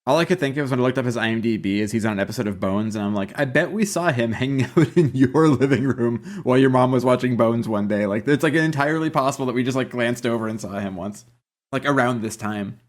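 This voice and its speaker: A man's voice: medium pitch, fast talker. Joking, swearing podcast man. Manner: loose joking banter, swears often. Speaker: podcast co-host. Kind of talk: casual chat.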